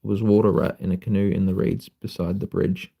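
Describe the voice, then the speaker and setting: Sleepy gravelly-voiced man reading a story. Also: low voice, level tone, warm tone. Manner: sleepy, unhurried, apologizes for slips and coughs. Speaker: live-stream storyteller. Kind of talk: reading a children's story aloud.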